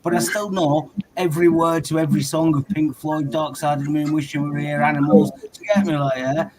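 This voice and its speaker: A man's voice: on the high side, steady tone, fairly quick, a loud crowd, low-quality recording. A man in his thirties chatting casually, rambling and swearing, often adding "like" and "do you know what I mean". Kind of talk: casual chat on a live stream. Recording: loud guitar music behind.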